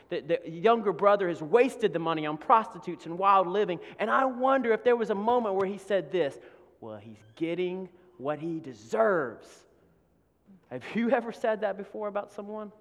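A man's voice: a little high, fairly bright tone. A man delivers a sermon in an earnest, questioning manner, turning to his listeners again and again. His voice rings with a long reverb in the room. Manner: earnest, rhetorical questions to the congregation. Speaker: preacher.

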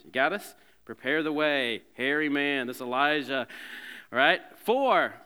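A man's voice: fairly high pitch, animated, measured pace, bright, forceful tone, smooth. A man preaching a sermon to a congregation in a conversational way, with joking asides between scripture readings. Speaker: pastor. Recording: long hall reverb.

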